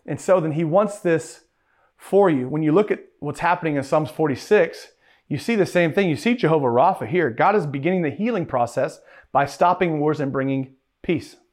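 A man's voice: fairly high pitch, normal speed. A man preaching a sermon, emphatic, who repeats key phrases and asks rhetorical questions.

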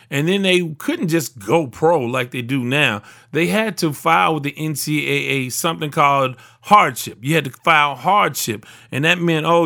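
Chatty middle-aged sports podcast host, fairly high voice. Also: male voice, a bit bright. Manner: rambling, conversational, lots of asides. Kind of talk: solo sports talk podcast monologue. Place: recorded in Houston, Texas.

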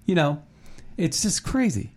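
A man's voice: on the high side, big pitch swings, a little slow. A man co-hosting a casual commentary chat, rambling with many fillers and restarts. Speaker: podcast co-host.

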